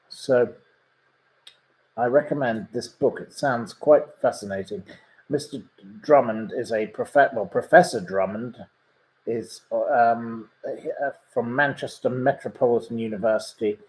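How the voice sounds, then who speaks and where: A man's voice: mid-range voice, low-quality recording. A man hosting a casual chat podcast, rambling through recommendations with many ums and gossipy asides. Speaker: podcast host.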